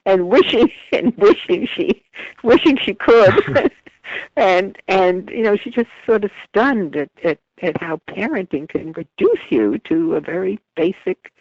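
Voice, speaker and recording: An older woman author being interviewed, chatting casually with frequent laughter and halting restarts. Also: medium pitch, lively intonation, darkish tone, no echo. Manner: laughs often while talking, halting restarts. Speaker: author guest. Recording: dull lo-fi remote line.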